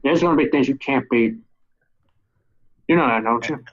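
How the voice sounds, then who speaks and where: A man's voice: medium pitch, normal speed, dull audio, lightly acted. A man doing a taunting demon lord. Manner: taunting, mocking. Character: menacing male demon lord, scornful.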